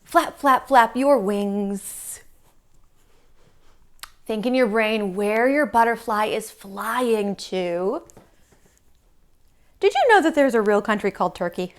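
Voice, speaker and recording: Slow, sing-song woman teaching kids' yoga. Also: medium pitch, expressive. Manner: slow, sing-song and encouraging, talking to young children. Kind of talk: leading a kids' yoga class.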